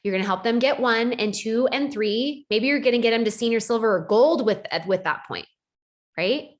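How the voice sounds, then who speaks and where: A woman with a fairly high voice leads an upbeat coaching session for her team. She talks with a lively, conversational bounce, acting out other people's voices and checking in with "right?" as she goes. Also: normal speed. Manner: animated, acts out quoted voices, frequent "like" and "right?". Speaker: network marketing team leader. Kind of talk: motivational coaching talk on a call.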